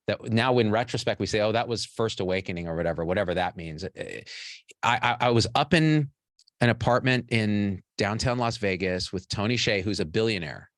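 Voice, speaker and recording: A man's voice: on the low side, fairly quick, no room sound, studio quality. A man in his forties, a physician and show host, telling a personal story to an audience in a candid, rambling and profane way. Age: 40s.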